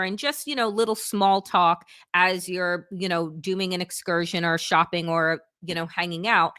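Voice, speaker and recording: A woman's voice: lowish voice, a little slow, fairly bright tone, dry recording, clean studio sound. A woman hosting a political talk show, speaking bluntly and emphatically, with some profanity. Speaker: host. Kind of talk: political commentary chat.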